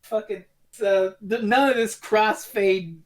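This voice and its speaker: A woman's voice: mid-range voice, fairly even intonation, slow. A woman co-hosting a podcast in casual chat, blunt and swearing freely as she recaps. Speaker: podcast co-host.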